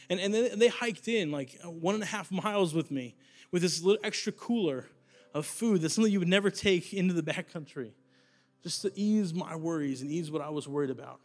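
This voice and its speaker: A man's voice: sits high, brisk, soft background music. A young man preaching a sermon as youth pastor, telling a story earnestly with rising emphasis and repeated phrases.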